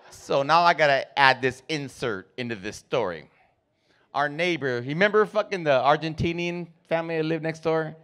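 A man's voice: on the high side, lively intonation, normal speed, a bit bright, smooth. A man doing stand-up comedy, telling profane family stories and acting out his relatives. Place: comedy club stage.

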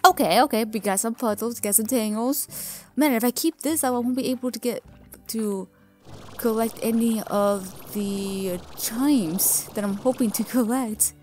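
High-pitched, excitable woman gaming. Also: moderate pace, soft background music. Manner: excitable, gushing, talks to the viewers. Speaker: gaming video creator. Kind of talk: game commentary.

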